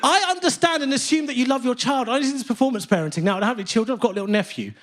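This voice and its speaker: A man in his late thirties performing a brash, animated stand-up set on a theatre stage. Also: very high voice, very fast. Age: late 30s. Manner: animated, brash, swings between voices. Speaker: stand-up comedian.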